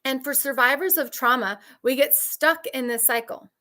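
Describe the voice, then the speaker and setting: In an emphatic, candid session for trauma survivors, this coach repeats key phrases, replies to viewers, and breaks into high, shrill impressions of other people. Her voice is bright and forceful at a normal speed.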